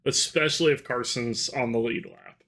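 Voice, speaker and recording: A man's voice: medium pitch, fairly even intonation, normal speed, fairly bright tone. A young man co-hosting a casual podcast chat, joking and laughing often. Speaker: podcast co-host.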